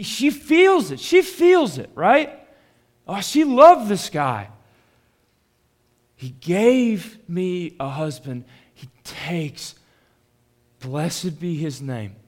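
A young adult man, a pastor preaching a conversational sermon that drops soft and swells loud. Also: high voice.

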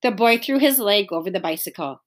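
A woman reading a children's chapter book aloud with expressive storytelling. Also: mid-range voice, fairly quick. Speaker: reader.

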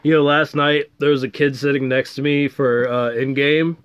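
A man's voice: mid-range voice, flat delivery, moderate pace, clear, resonant tone, no room sound. A man co-hosting a casual chat, swearing freely and acting out quotes in a raised voice. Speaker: podcast co-host. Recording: dull lo-fi dry sound.

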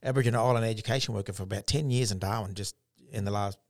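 Talking rapid-fire in a lowish voice, a former education worker from Australia spins casual stories, animated and plain-spoken, restarting often. The sound is studio quality, with no room sound.

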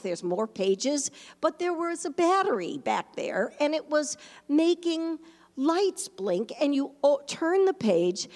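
Slow-speaking woman pastor in a reverberant hall. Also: high-pitched. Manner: animated storytelling, imitating a toddler's animal sounds, then hushed and reflective. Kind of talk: storytelling sermon.

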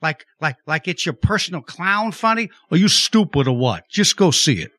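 A man's voice: a little high, lively intonation, moderate pace, pushed and bright, dry recording, clean studio sound. A man doing a tough-guy movie gangster. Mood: confrontational. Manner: menacing, confrontational questioning. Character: impression of a tough-talking male movie gangster. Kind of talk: radio ad.

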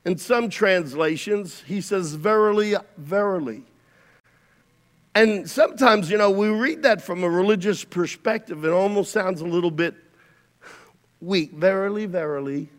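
A man preaching a sermon as pastor, swinging between shouted climaxes and hushed, quiet passages. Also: sits high, moderate pace, big-room sound.

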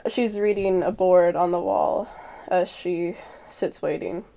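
A woman's voice: lowish voice, steady tone, slow pace, gravelly, dark tone. A woman player describing her character in a tabletop game, hesitant and trailing off with lots of fillers.

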